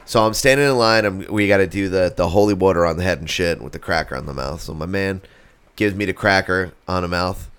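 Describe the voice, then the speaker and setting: A young man and podcast host telling a comedic story in a profane, animated way. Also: sits low, fairly quick, clear, resonant tone.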